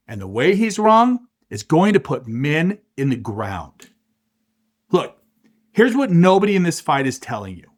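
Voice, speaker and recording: Animated, emphatic middle-aged man host. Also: fairly high pitch. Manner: emphatic, punchy rhetorical delivery with dramatic pauses. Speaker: podcast host. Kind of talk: impassioned spoken commentary.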